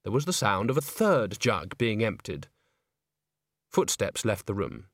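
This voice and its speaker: A man narrating a story aloud in an expressive, scripted reading. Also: lowish voice, a little slow, no room sound, clean studio sound. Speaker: audiobook narrator.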